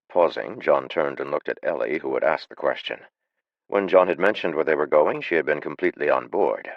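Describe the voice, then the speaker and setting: A man narrating an audiobook in a measured, even storytelling manner. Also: a bass voice, vocal fry, dry recording, lo-fi sound.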